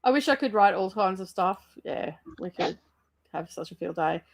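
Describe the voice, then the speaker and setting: An Australian woman in a loose, rambling chat, her voice sitting at an ordinary middle pitch. She drifts between thoughts with plenty of "um"s and casual swearing. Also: expressive, moderate pace, a little hiss or hum. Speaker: co-host of a livestream.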